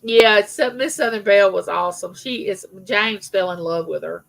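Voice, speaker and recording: A woman's voice: mid-range voice, moderate pace, gravelly, a bit bright, low-quality recording. A middle-aged woman hosting a casual live chat with her viewers, telling rambling personal stories. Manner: chatty, rambling storyteller, greets viewers by name. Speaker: livestream host.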